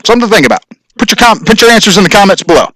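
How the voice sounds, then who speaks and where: A rambling, chatty man hosts a casual live stream and tells corny jokes. His voice sits a little high and sounds bright and forceful. The recording is dry, with no room echo. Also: expressive, racing. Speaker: host of a live stream show. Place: his hobby showroom.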